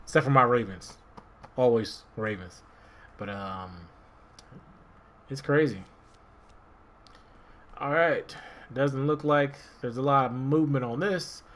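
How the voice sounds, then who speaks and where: A man's voice: mid-range voice, slow pace, long pauses, a little hiss or hum. A man from Maryland streaming a game, chatting casually and rambling to himself as he plays. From Maryland, USA. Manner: rambling, relaxed, talks to himself while playing. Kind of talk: casual gameplay commentary.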